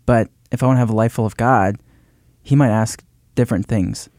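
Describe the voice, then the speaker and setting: A man's voice: lowish voice, fairly quick, darkish tone, no echo, clean studio sound. A man co-hosting a faith podcast who talks reflectively and hesitantly, with many likes and ums. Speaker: podcast co-host. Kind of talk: conversational faith discussion.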